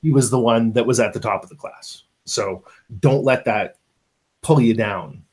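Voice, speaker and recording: A man hosting a podcast interview, telling stories in a relaxed, encouraging way. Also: medium pitch, normal speed, husky. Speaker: podcast host. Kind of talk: casual interview chat.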